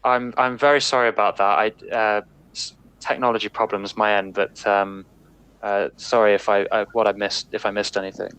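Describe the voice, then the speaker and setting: A man's voice: on the low side, flat delivery, normal speed, a bit bright, clean tone, poor audio. A man hosting a live-streamed podcast, speaking casually and hesitantly with many fillers. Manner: hesitant, many ums and restarts. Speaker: podcast host.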